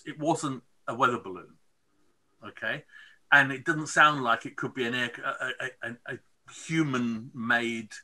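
A man's voice: medium pitch, measured pace, bright, forceful tone. A middle-aged man, telling stories expressively as an interview guest and checking in with "okay?" and "right?". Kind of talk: animated storytelling.

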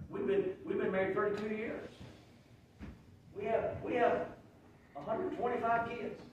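Man, pastor, fairly high voice, booming church echo, mic far off, faint hiss. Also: fast talker. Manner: earnest, emotional preaching with repeated restarts. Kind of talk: sermon. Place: church sanctuary. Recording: very echoey room, mic at a distance.

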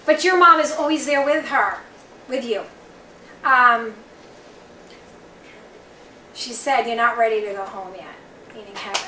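This time the Long Island psychic sounds unhurried, her voice on the high side and pausing often, as she gives a live reading for a small group in a bookstore event room. She rambles chattily and relays messages in quotes, captured from far off in a roomy space with faint noise.

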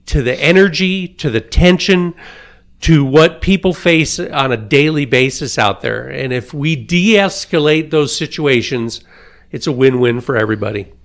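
Man, podcast host, higher-pitched voice, reading a story aloud, chuckles between lines. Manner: chuckles and clears his throat while reading. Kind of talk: reading a story aloud, then casual commentary.

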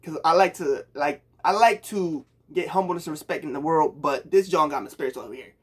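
Calling his viewers bro, a young Puerto Rican music reaction YouTuber gives a hyped, casual, slang-filled take on a song. His voice is fairly high and slightly rough, and he talks briskly.

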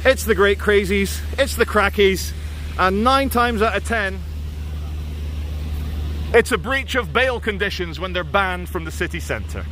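A man's voice: high-pitched, animated, unhurried, fairly bright tone, soft background music. A man vlogging outdoors on city streets, giving joking running commentary and chatting with passersby.

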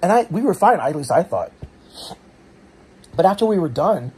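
A vlogger talks to camera about a frustrating day, rambling loosely, second-guessing himself, and filling it with restarts and fillers. His voice is a little high, husky, a little mellow, and congested from allergies. He's very animated and speaks at a moderate pace.

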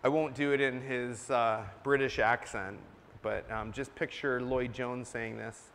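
A man's voice: medium pitch, fairly even intonation, measured pace, a bit bright, a little hiss or hum. A man preaching a sermon in a church, earnest and emphatic, stopping to cough now and then. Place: church sanctuary. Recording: long church reverb.

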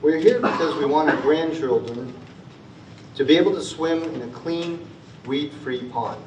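A man's voice: a little high, measured pace, slight background noise. A man giving a heartfelt prepared presentation to a town meeting, repeating rallying phrases. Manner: earnest, repetitive rallying phrases. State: choked up with emotion at times. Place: school auditorium. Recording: roomy, distant, dull auditorium recording.

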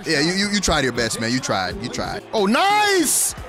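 Brisk and mid-range in pitch, a young man who makes gaming videos excitedly narrates his basketball game session, cracking up at the plays over background game music.

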